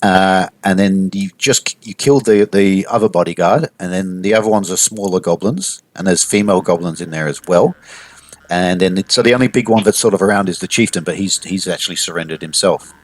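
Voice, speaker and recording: A man's voice: low voice, a little fast. A man narrating as game master of a tabletop game, hesitant, with frequent restarts. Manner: hesitant, with many restarts and "sort of".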